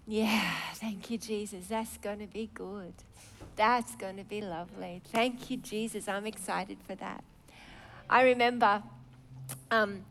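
A middle-aged woman preaching a sermon, expressive, swinging from soft, low asides to loud, exclaiming lines.

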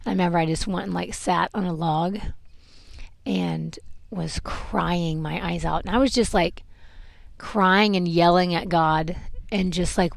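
A woman hosting a podcast, telling a painful personal story in a halting, emotional way with many fillers. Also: fairly low pitch, fairly even intonation, vocal fry, no echo. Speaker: podcast host telling her life story.

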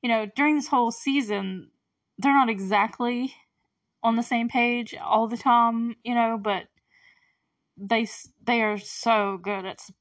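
A woman's voice: fairly high pitch, steady tone, unhurried, no room sound. Woman rambling on her podcast, laughs a lot, dry sound, mic kinda far off. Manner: chatty and effusive, laughs often, quotes characters in brief put-on voices. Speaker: podcast host recapping a TV show. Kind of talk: casual solo podcast chat.

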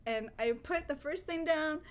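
A woman's voice: sits high, normal speed. A young woman co-hosting a podcast, telling work stories in casual chat, blunt and freely profane. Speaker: podcast co-host.

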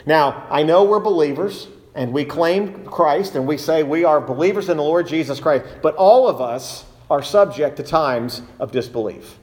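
A man's voice: fairly high pitch, normal speed, hardly any pauses. A man preaching a sermon as pastor, emphatic, repeating key phrases and asking rhetorical questions.

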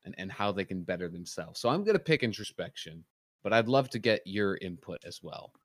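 A man with a fairly low voice, recorded close and dry, steering a comedic chat. He talks in a deadpan, mock-serious tone, as if walking through a formal choice. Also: brisk, no echo.

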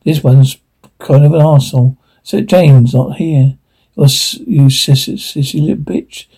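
A man speaking TV drama dialogue in a weary, gruff way, with a gravelly, husky voice. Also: medium pitch, unhurried, mellow.

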